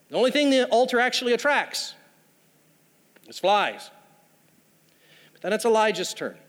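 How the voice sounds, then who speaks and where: A man preaching a sermon, telling a story with humorous asides. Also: high voice. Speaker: pastor. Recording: long hall reverb.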